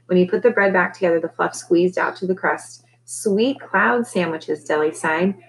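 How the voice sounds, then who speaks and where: A woman teacher reading a novel aloud to her class, relaxed, with conversational asides between chapters. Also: on the low side, fairly quick, a little hiss or hum, low-quality recording.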